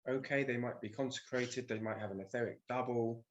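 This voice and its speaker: A man's voice: medium pitch, steady tone, brisk, highs cut off. Guy on a video call, matter-of-fact, kinda lecturing. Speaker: guest. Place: video call from rural home.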